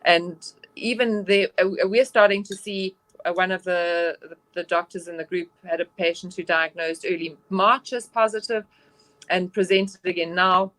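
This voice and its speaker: A woman doctor answering interview questions over a remote call, explaining in a measured way with frequent pauses and fillers. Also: lowish voice, fairly even intonation, fairly bright tone, dry recording. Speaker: doctor guest.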